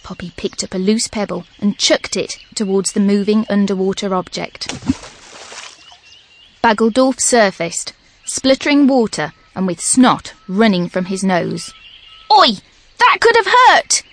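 A woman narrating a children's audiobook in a lively, expressive way. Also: mid-range voice, unhurried, a little hiss or hum.

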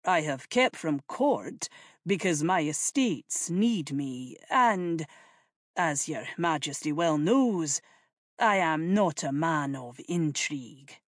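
A woman voicing a calm, earnest Highland chief who speaks in a measured, respectful way. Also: no echo, clean studio sound, exaggerated voice.

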